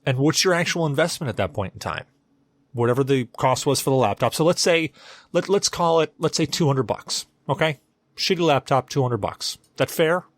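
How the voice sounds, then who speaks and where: A man's voice: mid-range voice, expressive, moderate pace, no echo. Man explaining, dry close mic. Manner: argumentative, explaining step by step. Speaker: podcast co-host. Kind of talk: casual chat.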